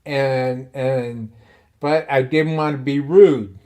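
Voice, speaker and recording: Speaking slowly at a medium pitch, a man hosting a podcast shares a story from his own life. He keeps it loose and lively, breaking into laughter frequently.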